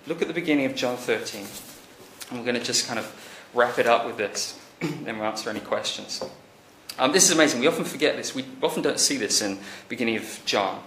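A man preaching a conversational sermon, animated, rising to emphatic peaks and then dropping quiet. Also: medium pitch, brisk, a little hiss or hum. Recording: echoey church hall recording.

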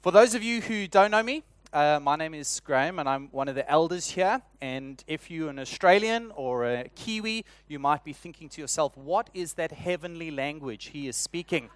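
A man's voice: a little high, animated, moderate pace, no room sound. A man in his thirties with a South African accent, a church elder giving a sermon in a friendly, humorous storytelling way with frequent restarts.

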